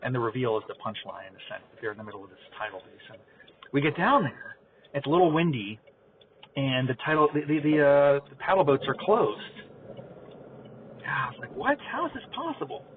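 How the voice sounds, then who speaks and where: A man hosting a podcast, chatting casually while he drives, rambling and trailing off quietly at times. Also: medium pitch, expressive, a little fast, slight background noise. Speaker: podcast host. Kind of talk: casual chat while driving. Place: inside a car. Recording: tinny phone-like car recording.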